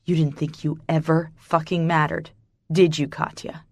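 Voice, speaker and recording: A woman's voice: deep voice, level tone, normal speed, dry recording. A woman voicing a cold, cruel young male billionaire who hisses his words with contempt in an audiobook. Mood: contemptuous. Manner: hissing, contemptuous.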